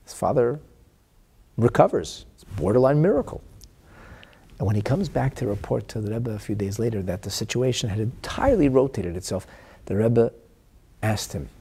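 A man teaching a religious lesson, emphatic, swinging between loud declaiming and hushed whispers, often asking rhetorical questions. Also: mid-range voice, animated, a little fast, breathy edge. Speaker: Torah teacher.

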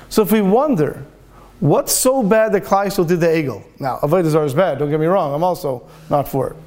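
A man's voice: high voice, darkish tone. A man giving a Torah talk as a rabbi, telling a story and acting out its dialogue.

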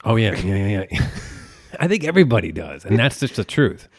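A man's voice: fairly low pitch, big pitch swings, normal speed, dry recording, clean studio sound. A man in his thirties co-hosting a podcast in casual chat, crude and joking, slipping into goofy impressions. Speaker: podcast co-host.

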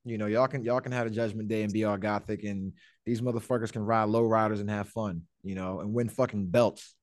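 A man's voice: on the low side, fairly even intonation, fairly quick, dry recording. Male podcast host, loose joking delivery with swearing, dry recording. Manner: profane, rambling, joking. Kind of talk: casual wrestling chat.

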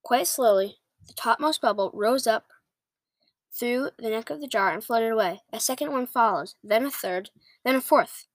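A woman reads a children's book aloud, sometimes tripping over a word and starting it again. Her voice sits a little high. The sound is dry and close. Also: normal speed, dry recording. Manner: stumbles and restarts words. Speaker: reader.

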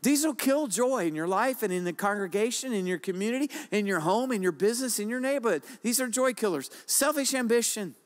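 A man's voice: high-pitched, lively intonation, a little fast, few pauses. Older male pastor preaching, emphatic and repetitive, reverberant hall. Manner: preaches with repeated exhortations, rising loud and emphatic. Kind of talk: sermon.

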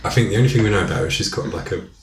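A man's voice: sits low, racing, gravelly. A man co-hosting a podcast, making wry, jokey asides. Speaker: podcast co-host. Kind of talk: comic banter. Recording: roomy recording, loud background noise.

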